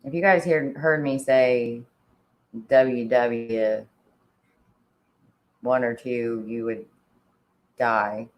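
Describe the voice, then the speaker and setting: Casual female co-host with a very low voice; chatty, giggly, rambling. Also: fairly even intonation, very slow, long pauses, darkish tone, low-quality recording. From Indiana. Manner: chatty, laughs often, says "like" a lot. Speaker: podcast co-host. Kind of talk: casual chat.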